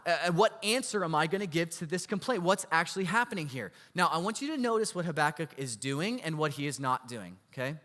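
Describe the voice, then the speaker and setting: Bright, forceful pastor preaching in a hall. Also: male voice, on the high side, quick pace, hardly any pauses. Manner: animated storytelling, rhetorical questions. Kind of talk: sermon. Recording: long hall reverb.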